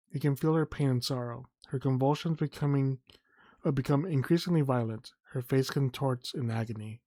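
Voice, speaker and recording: A man reading a game's story text aloud in a soft, unhurried way, sometimes stumbling and correcting himself. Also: medium pitch, no echo. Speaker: gameplay narrator. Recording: faint music behind.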